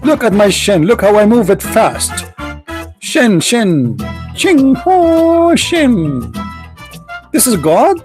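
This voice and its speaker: Brief: man doing a bragging deity caricature, higher and louder, mocking sing-song chant. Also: exaggerated voice. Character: boastful male deity figure showing off his shin.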